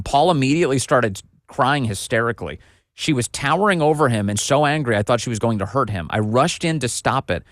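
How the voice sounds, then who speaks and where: A man running a casual political commentary show, reading out documents and reacting to them with mockery and disbelief. His voice sits at a middling pitch for a man. The recording is dry and close, with no room sound. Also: no room sound. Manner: mocking, incredulous, reads documents aloud and riffs on them.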